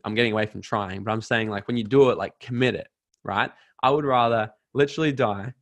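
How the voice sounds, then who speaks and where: A man in his twenties with an Australian accent, a podcast guest giving an emphatic, energetic motivational talk with casual swearing. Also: medium pitch, dry recording. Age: 20s.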